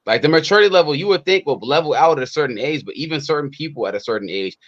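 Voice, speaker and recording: Man, podcast co-host, quick, slightly high voice, blunt and profane, dull lo-fi sound. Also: lively intonation, a bit bright. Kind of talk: casual chat.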